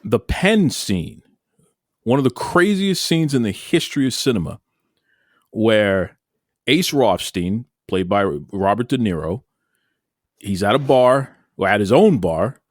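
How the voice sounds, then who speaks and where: Animated male podcast host. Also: lowish voice, a little slow, no room sound, studio quality. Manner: animated storytelling with lots of restarts. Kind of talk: casual podcast chat.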